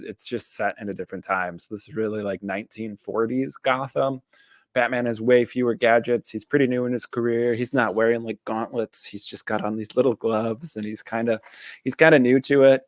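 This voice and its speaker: A man's voice: mid-range voice, steady tone, normal speed, dry recording, studio quality. A man, a therapist, chatting casually as he reviews a TV series, rambling with lots of fillers and self-corrections.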